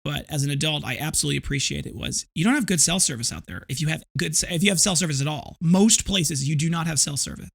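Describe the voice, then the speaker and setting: A man's voice: a little high, fast, gravelly, hardly any pauses, a bit bright, breathy edge. A man in his thirties hosting a casual solo podcast, talking in a rambling, reflective way full of restarts. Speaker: podcast host.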